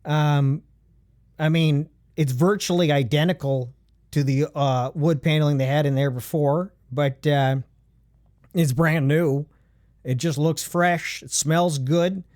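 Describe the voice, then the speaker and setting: A man hosting a comedy show, rambling, halting and full of fillers and restarts. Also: fairly high pitch, fairly even intonation, a little mellow, no echo, studio quality. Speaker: comedy podcast host. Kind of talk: deadpan rambling comedic monologue.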